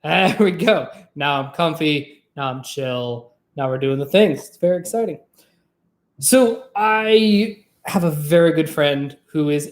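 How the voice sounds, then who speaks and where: A vlog host and trained former opera singer, chatting casually to camera in a rambling, profane, lively way. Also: mid-range voice, a little slow, reverberant.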